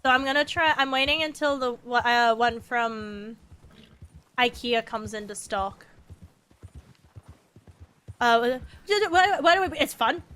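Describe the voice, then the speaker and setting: A woman's voice: fairly high pitch, slow, pauses often, a bit bright, smooth. An Australian woman streaming a game, chatting casually, swearing freely and laughing often.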